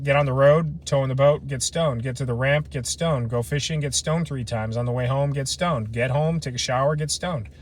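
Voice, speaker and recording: A man in his late twenties hosting a casual camping livestream, rambling and slangy while chatting with viewers outdoors at night. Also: mid-range voice. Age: late 20s. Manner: loose, rambling, slangy and self-deprecating. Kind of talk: casual live chat reading comments. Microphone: phone livestream.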